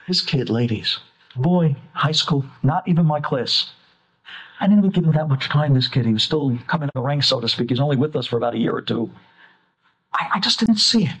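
A man, a rabbi, telling a story in an animated way, acting out the voices of the people in it. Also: high-pitched, normal speed, slightly rough.

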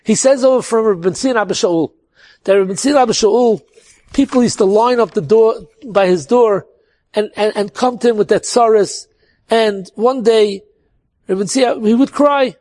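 High-voiced man telling an earnest story. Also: moderate pace, a little mellow. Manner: earnest, sprinkled with Hebrew and Yiddish words.

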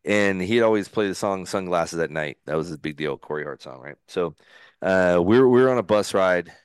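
A man in his forties, a former pro pitcher, telling stories as a podcast guest and laughing along. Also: animated, brisk, clean tone, no room sound, clean studio sound. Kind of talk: casual storytelling.

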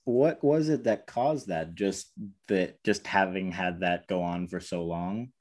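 A man hosting a podcast, asking halting, hesitant questions. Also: low voice, darkish tone. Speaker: podcast host. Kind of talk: interview questions.

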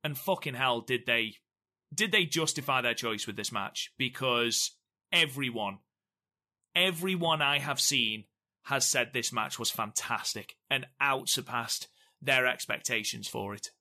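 A man's voice: mid-range voice, unhurried, sharp tone. A man co-hosting a podcast, recapping a show in chatty casual talk with asides. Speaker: podcast co-host.

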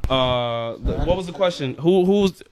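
A young man on a podcast telling a story in a casual, animated way, swearing and acting out both sides of the conversation. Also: fairly high pitch, unhurried. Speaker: podcast co-host.

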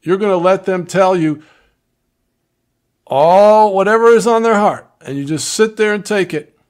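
Earnest man coaching, slightly high voice. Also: measured pace, clean tone. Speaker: relationship advice speaker. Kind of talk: instructive advice talk to viewers.

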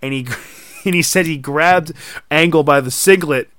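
A man's voice: on the high side, moderate pace, a bit bright, clean tone, no room sound, studio quality. A man hosting a casual podcast chat, telling stories animatedly and acting out quoted voices. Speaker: podcast host.

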